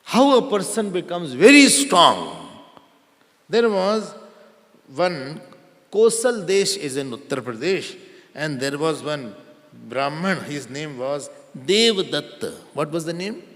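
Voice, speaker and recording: A male spiritual teacher telling a story to an audience, often quizzing them and repeating names, sometimes chanting verses slowly. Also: fairly high pitch, big pitch swings, fairly bright tone. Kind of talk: storytelling discourse. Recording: long hall reverb.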